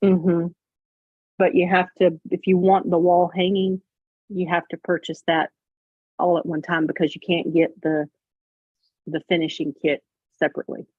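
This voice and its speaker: A woman chats on a video call, walking listeners through each step and leaning on fillers as she goes. Her voice sounds a little husky over a narrow, phone-like line in a dry room. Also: fairly low pitch, little pitch movement, moderate pace, long pauses, no room sound. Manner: chatty, explains step by step with many fillers. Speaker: host. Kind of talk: casual livestream chat.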